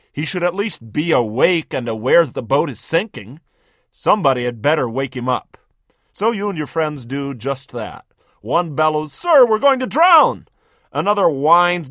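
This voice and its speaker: A man's voice: a little high, fairly bright tone, no echo, studio quality. A man hosting a radio sermon, narrating a story vividly in the second person with emphatic, scripted delivery. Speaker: radio preacher, host.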